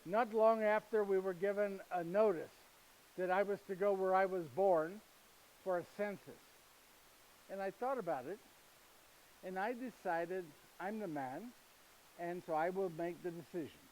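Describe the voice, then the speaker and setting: An actor playing a humble, earnest Saint Joseph in a live monologue, speaking halting, slightly broken English directly to his listeners. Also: high voice, darkish tone, a little hiss or hum, low-quality recording. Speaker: actor in first-person monologue. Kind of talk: live dramatic monologue to an audience. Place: retreat gathering with live audience.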